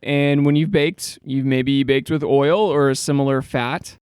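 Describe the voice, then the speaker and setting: A man's voice: mid-range voice, fairly even intonation, a little slow, darkish tone, clean tone, no room sound, clean studio sound. A man co-hosting a podcast in casual, partly scripted banter, irreverent and joking, with the odd swear word. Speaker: podcast co-host.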